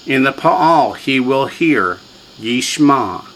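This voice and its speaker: A male language teacher leads a classroom lesson, drilling students by having them repeat words and quizzing them. His voice is mid-range and fairly bright, at a measured pace, on a rough recording with slight background noise.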